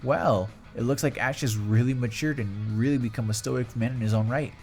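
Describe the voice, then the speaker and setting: A man's voice: medium pitch, moderate pace, a little mellow, soft background music, lightly acted. A man voicing a young woman gym leader who speaks lightly and teases. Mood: teasing.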